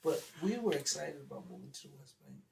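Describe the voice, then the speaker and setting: A man speaking as an interview guest, telling a childhood story in an animated way that turns loud when he gets worked up. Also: mid-range voice, fast talker, vocal fry, a little hiss or hum. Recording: echoey room, far from mic, faint ambience.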